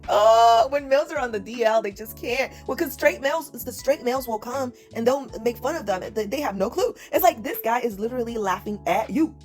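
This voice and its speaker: A woman's voice: fairly high pitch, animated, fairly quick, hardly any pauses, darkish tone, faint music behind. A woman giving reaction commentary in a mocking, scornful way, repeating her points.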